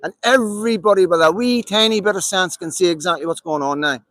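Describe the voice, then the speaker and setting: A man from Northern Ireland speaks with a Belfast accent in a raised, fairly high voice. He talks straight to his audience in a live-stream monologue, hammering his points with emphatic repetition. The sound is close and dry, with no room around it. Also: fast, a bit bright, dry recording, rough recording.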